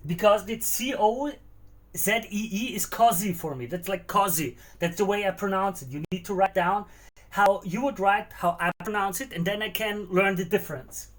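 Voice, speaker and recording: A man's voice: high-pitched, normal speed, fairly bright tone. A man running a cooking livestream, chatting casually, answering his chat and musing aloud as he works in a kitchen. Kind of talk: casual live-stream chat while cooking. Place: home kitchen.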